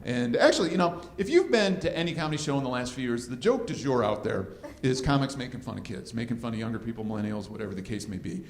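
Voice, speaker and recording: A man's voice: mid-range voice, animated, quick pace, hardly any pauses, a little hiss or hum. A man in his fifties doing a crude, self-deprecating stand-up comedy set on a club stage. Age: 50s. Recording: live club recording, roomy with crowd laughter.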